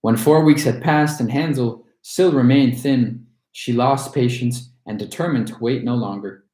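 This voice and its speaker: A man's voice: medium pitch, a little slow. Man reading a fairy tale aloud, roomy. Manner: expressive, storytelling. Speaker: storyteller. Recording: roomy echo.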